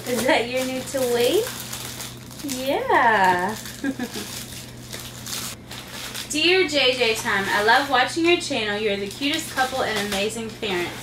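A woman's voice: fairly high pitch, expressive, slow, pauses often, background noise. A woman, a mother and channel host, chatting through a casual unboxing and talking sing-song baby talk to her little kids. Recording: echoey room, mic far off, faint ambience.

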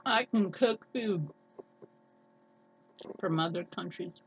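A woman's voice: lowish voice, takes it slowly, muffled recording. A woman chatting casually in a cooking vlog, her voice a little scratchy and nasal, rambling with lots of fillers. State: scratchy, slightly hoarse voice. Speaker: cooking vlogger.

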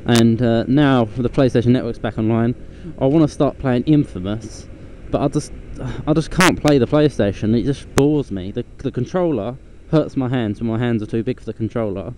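A man rambles bluntly and swears casually in a vlog recorded while riding a scooter outdoors. He talks at medium pitch and moderate pace with hardly any pauses, amid loud traffic and engine noise.

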